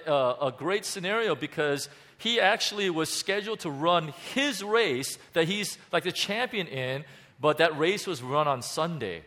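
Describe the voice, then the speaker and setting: A man preaching a sermon as pastor, animated and halting, with many restarts and fillers. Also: fairly high pitch.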